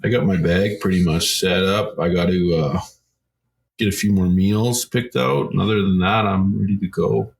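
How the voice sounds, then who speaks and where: A Canadian man with a very low voice talks in an easygoing, casual way as a podcast co-host. He swears offhandedly. A faint hiss sits behind him. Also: steady tone, normal speed, gravelly. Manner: laid-back, swears casually. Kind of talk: casual chat.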